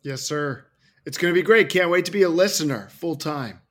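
A male co-host chimes in on a sports betting podcast. He talks in an upbeat, casual way. His voice sits a little higher than average for a man. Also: normal speed.

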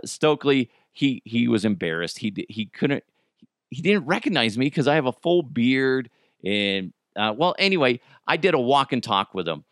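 A Cajun man hosting his own podcast, spinning gossipy, joking stories with the odd curse. His pitch jumps around animatedly from phrase to phrase. The sound is close and dry, with no room around him. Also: clean tone, no room sound. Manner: animated, joking, profane storytelling. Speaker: podcast host. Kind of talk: casual comedic monologue.

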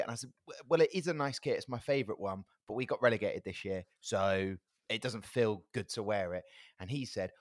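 A man's voice: on the low side, fast, no echo, clean studio sound. A young adult man co-hosting a football podcast, chatty and laughing easily as he tells stories. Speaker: podcast co-host. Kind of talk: casual chat.

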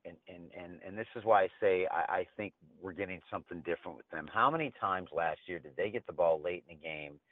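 A man's voice: deep voice, fast talker, few pauses, no room sound. A man talking sports betting in a brash, joking, trash-talking way. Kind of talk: casual betting talk. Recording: tinny phone-line sound.

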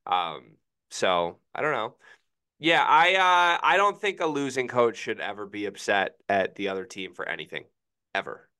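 A man's voice: on the low side, very animated, moderate pace, bright, forceful tone, clean tone. A young man co-hosting a casual sports podcast, thoughtful and hedging, often saying he isn't sure. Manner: hedging, thoughtful, many "I don't know"s. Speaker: podcast co-host.

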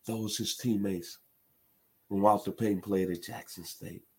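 A man's voice: on the low side, steady tone, measured pace, husky. A man from Memphis, giving an emphatic sports commentary monologue. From Memphis, Tennessee. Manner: emphatic, builds to impassioned outbursts.

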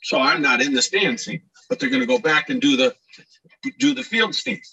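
A middle-aged man from Scranton telling animated anecdotes in a casual podcast chat, acting out shouted quotes. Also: medium pitch, normal speed, creaky, breathy edge, distant mic, dull audio. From Scranton, Pennsylvania. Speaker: podcast guest, actor and DJ. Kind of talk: casual storytelling.

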